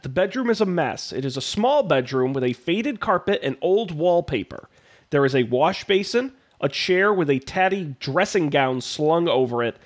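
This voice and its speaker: A man with a cold, co-hosting a podcast over a video call and reading a text adventure game aloud with playful emphasis. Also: fairly high pitch. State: has a cold. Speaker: podcast host.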